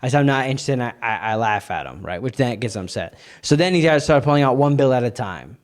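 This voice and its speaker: Young man, podcast co-host, casual storytelling, mid-pitched voice, animated, frequent restarts. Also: fast.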